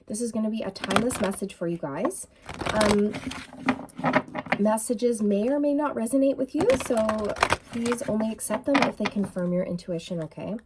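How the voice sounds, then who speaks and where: A woman giving a casual, excitable tarot reading to her viewers, full of fillers and restarts, with a frog in her throat. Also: medium pitch, moderate pace, heavy background noise. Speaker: tarot reader. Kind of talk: intuitive tarot reading to camera.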